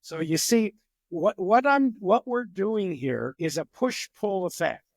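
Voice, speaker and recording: Speaking slowly, the older podcast guest, a psychologist with a notably high voice, explains ideas through animated tales in which he impersonates the people involved. The audio is dry and close with no room sound.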